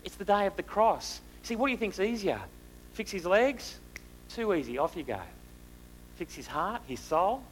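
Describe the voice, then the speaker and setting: A man preaching a sermon, asking the listeners rhetorical questions and moving between loud and hushed delivery. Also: sits high, animated, moderate pace, slight background noise, low-quality recording.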